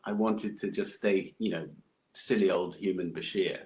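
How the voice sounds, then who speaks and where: A man talks as a podcast guest. His voice sits low, and he rambles through memories with plenty of fillers and restarts. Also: fairly even intonation, moderate pace, a little mellow. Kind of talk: casual interview chat.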